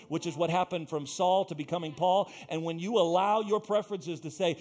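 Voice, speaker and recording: A male pastor preaching a sermon, swinging between quiet asides and loud emphatic peaks, with playful self-teasing humor. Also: on the high side, fairly quick, hardly any pauses.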